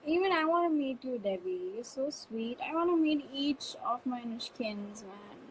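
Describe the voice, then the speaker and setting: Upbeat female live-streamer, high-pitched, reads comments aloud, faint background noise. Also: animated, normal speed, rough recording. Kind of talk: casual live-stream chat.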